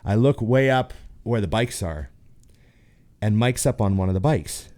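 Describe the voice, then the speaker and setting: A man from Canada tells stories in a relaxed, chatty way and slips into the voices of the people in them. His voice sits a bit low for a man. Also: unhurried. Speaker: guest, pro bodybuilder. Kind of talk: casual storytelling.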